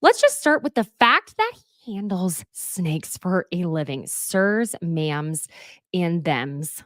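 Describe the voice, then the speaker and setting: A young woman from Oklahoma hosting a sassy, animated recap chat, dropping into hushed asides and quoted voices. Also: medium pitch, slow, no echo, studio quality. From Oklahoma, USA. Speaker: host.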